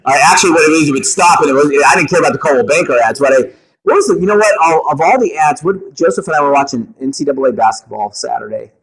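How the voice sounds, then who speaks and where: A man leading a meeting for real estate agents, coaching them in an energetic way and often checking in with the room. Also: on the high side, fast talker, vocal fry, husky, rough recording. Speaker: meeting leader at a realty office.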